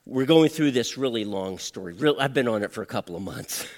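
Older male pastor, very animated preaching. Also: on the low side, fast. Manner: emotional, dramatic swings from hushed to loud. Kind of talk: sermon with storytelling. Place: church. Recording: long hall reverb.

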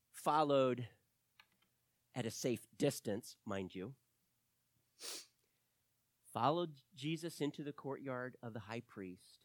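A preacher with a lowish voice delivers a sermon as an animated storyteller, swinging from loud emphasis down to near-whispers. The sound is dry and close, with no echo or room around it.

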